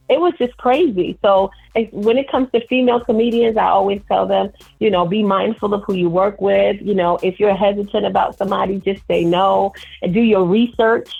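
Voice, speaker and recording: A woman comedian calling in as a guest, candidly telling animated stories about her work. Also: mid-range voice, gravelly, slightly rough. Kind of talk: phone interview storytelling. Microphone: telephone. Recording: tinny phone line.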